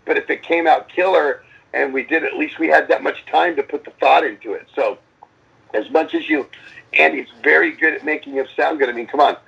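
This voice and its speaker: A middle-aged man with a gravelly, husky voice talks loosely and profanely through interview answers, restarting sentences and acting out conversations. The sound is dull and lo-fi, as if from a remote call. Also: a little high, fairly quick, a bit bright. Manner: rambling, profane, lots of restarts and acted-out quotes. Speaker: metal band frontman.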